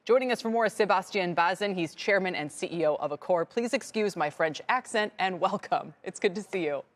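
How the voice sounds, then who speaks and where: A woman hosting a live TV business interview, her voice on the low side. She reads her introduction smoothly, then asks short, direct questions in a brisk anchor style. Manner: brisk, direct questions with scripted lead-ins.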